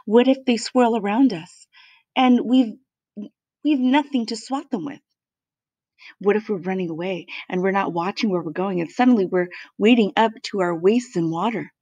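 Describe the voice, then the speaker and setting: List: woman reading as wombat, female, storybook animal, anxious, run-on worrying, middle pitch, dry. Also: moderate pace, mellow, no echo, dull audio, natural voice. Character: worried female wombat, fretful and dramatic.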